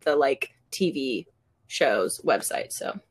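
A woman's voice: extremely low pitch, expressive, slow, slightly rough. A young woman in her twenties co-hosting a podcast. She chats casually and pads her sentences with "like". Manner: chatty, fills talk with "like". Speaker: podcast co-host. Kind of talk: casual chat.

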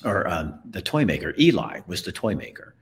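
A man's voice: deep voice, sing-song, normal speed. A middle-aged man, host of his own show, telling a personal story in an earnest, emotional way and often repeating words.

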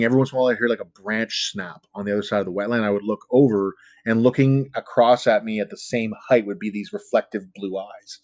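A man's voice: mid-range voice, darkish tone, no echo. A man telling a spooky story in casual talk, rambling and full of fillers, joking about himself now and then. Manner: rambling, filler-heavy with frequent "like". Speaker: storyteller guest.

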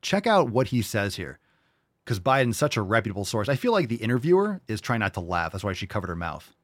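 A man's voice: lowish voice, sing-song, quick pace, no echo, studio quality. A male podcast host ranting in a casual, profane, emphatic way. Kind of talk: casual opinion rant.

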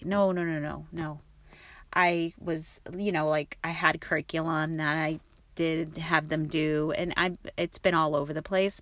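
A woman's voice: low-pitched, fairly bright tone, no room sound. A middle-aged woman vlogging in casual chat, rambling with lots of fillers and restarts. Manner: rambling, with many fillers and self-corrections.

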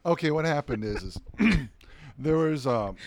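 A man's voice: fairly high pitch, expressive, moderate pace, gravelly, slight background noise. A man co-hosting a podcast, chatting casually and telling old work stories with lots of fillers and frequent laughter. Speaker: podcast co-host. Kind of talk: casual chat.

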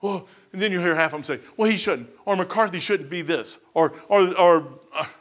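In this sermon, a middle-aged man preaches with a folksy, lively energy at a normal pace. His slightly high voice is bright and forceful, rising to emphatic peaks as he hammers home each point.

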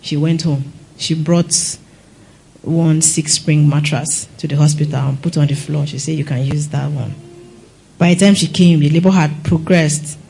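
A woman's voice: deep voice, steady tone, normal speed, creaky, warm tone, low-quality recording. A young woman giving a personal testimony, telling her story earnestly and acting out what others said. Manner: earnest storytelling with acted quotes. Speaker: testimony speaker.

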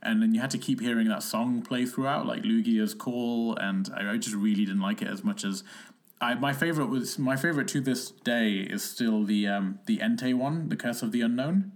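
A young man in his twenties chats on a podcast, meandering through his thoughts with plenty of ums and easy laughter. His pitch sits at an ordinary middle level for a man. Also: normal speed. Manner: rambling, laughs often, many fillers. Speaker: podcast co-host. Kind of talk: casual chat.

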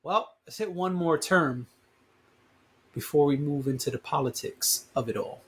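A man's voice: a little high, measured pace, fairly bright tone, slight background noise. A man hosting a casual solo podcast, congested and sniffling from allergies, talking in a conversational, emphatic way and reading news articles aloud with his own asides. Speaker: podcast host.

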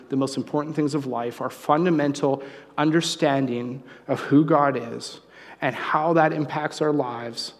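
A man preaching a sermon, conversational and joking, with animated asides. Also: medium pitch, in a large hall. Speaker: pastor. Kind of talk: sermon with humorous story.

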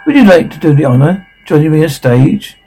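A man's voice: fairly high pitch, animated, brisk, vocal fry, dark tone, faint music behind, rough recording. An actor playing an upbeat male youth pastor who lectures teens on purity from a stage microphone. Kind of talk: film drama acting.

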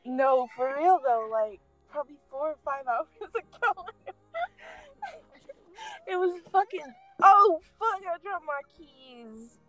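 Giggly high-voiced young woman rambling. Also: slow pace, pauses often, fairly bright tone, faint music behind, rough recording. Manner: giggly, rambling, frequent swearing. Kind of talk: casual chat. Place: back seat of a parked car.

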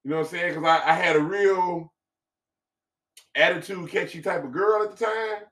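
A man co-hosting a casual podcast with his wife, talking loudly and bluntly and swearing freely. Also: sits high, moderate pace, recorded from a distance. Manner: loud, profane, animated talker. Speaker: co-host. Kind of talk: casual couple's podcast chat.

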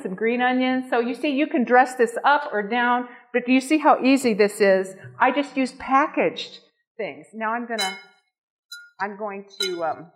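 A woman's voice: fairly high pitch, a little hiss or hum. A woman teaching a nutrition and cooking class to a small group, gushing and enthusiastic as she demonstrates. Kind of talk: live cooking demonstration talk.

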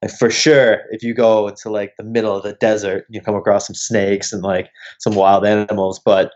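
A young man, a podcast guest, telling animated travel stories in casual chat and swearing freely. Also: on the low side, normal speed. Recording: dull lo-fi recording.

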